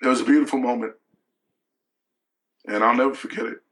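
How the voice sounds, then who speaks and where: Middle-aged male guest, bright tense tone, storytelling with halting restarts. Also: medium pitch, steady tone, poor audio. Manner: halting, with frequent restarts and fillers. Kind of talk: emotional storytelling.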